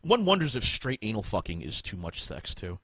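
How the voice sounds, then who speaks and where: A man ranting on a podcast, cursing constantly and sounding fed up. His voice is husky and swings wildly in pitch, and the recording is dry and close. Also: wildly swooping pitch, normal speed, a bit bright, no room sound. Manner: profane, exasperated ranting. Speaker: podcast host. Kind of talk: casual podcast chat.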